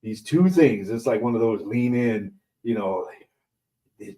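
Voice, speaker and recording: A middle-aged man with a mellow, warm voice co-hosts a relaxed conversation. He talks emphatically and circles back over his own phrases as he works toward his point. His pitch sits in a middle range. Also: moderate pace, poor audio. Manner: emphatic, restarts phrases while building a point. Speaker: podcast co-host. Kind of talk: casual chat.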